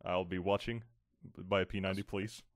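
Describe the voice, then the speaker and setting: Man, interviewer, casual chat, joking, lowish voice, dry sound. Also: steady tone, brisk, dry recording.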